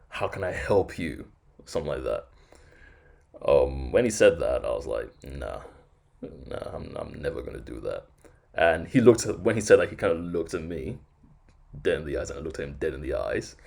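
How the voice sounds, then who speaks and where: A man's voice: extremely low pitch, gravelly, darkish tone. A man telling a casual story on his podcast, laid-back and chuckling as he recounts it. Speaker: podcast host.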